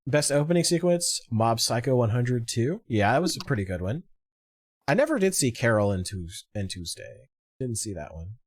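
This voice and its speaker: A man's voice: mid-range voice, very animated, normal speed. A man hosting a casual podcast, talking animatedly and swearing freely as he reads through a list of awards. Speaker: podcast host. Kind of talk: casual chat.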